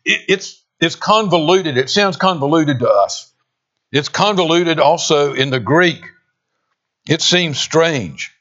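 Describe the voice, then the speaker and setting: A man preaching a sermon, expressive, with dramatic pauses and emphatic quoted lines. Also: a little high. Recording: dull lo-fi sound.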